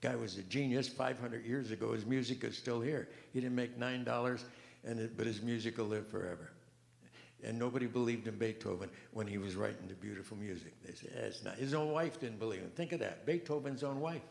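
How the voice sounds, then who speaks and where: A man doing rambling stand-up comedy with a deadpan delivery, recorded live on stage. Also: mid-range voice, fairly quick, creaky. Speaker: comedian and pianist. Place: large event hall on stage. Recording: echoey hall, live stage mic.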